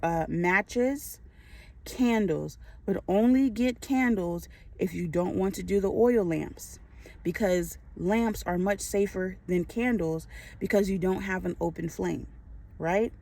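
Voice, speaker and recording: Slow, deliberate woman reading a list. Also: fairly low pitch, a little mellow. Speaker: faith-based preparedness vlogger.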